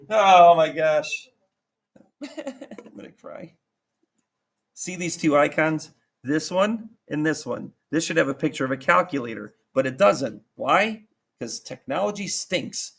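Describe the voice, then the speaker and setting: A man's voice: a little high, a bit bright. A male math teacher talking a class through calculator work, chatty and joking, with exasperated asides. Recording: echoey classroom with faint background ambience.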